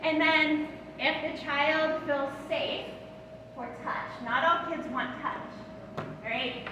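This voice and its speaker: This middle-aged guest trainer on attachment addresses foster and adoptive parents at a measured pace, her high voice ending points with "right?" or "all right?" as she mimics comforting a child. The audio is dull, echoey and noisy, picked up from far away by a room mic in a large hall.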